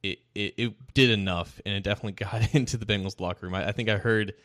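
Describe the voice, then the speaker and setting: A man co-hosting a sports talk show, animated, laughing often and restarting his sentences. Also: on the low side, quick pace. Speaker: co-host.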